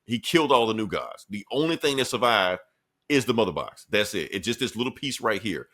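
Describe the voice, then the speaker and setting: A man voicing a grave male god-warrior who warns of a fallen heaven, in a hushed, urgent retelling. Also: fairly low pitch, animated, a little fast.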